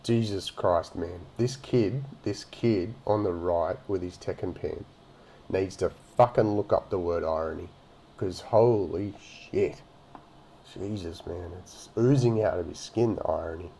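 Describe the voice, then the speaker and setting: A man's voice: low voice, unhurried, vocal fry, dark tone, slight background noise. A man giving a profane, mocking rant as he comments on a video. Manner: ranting and mocking, heavy swearing. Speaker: reaction commentator.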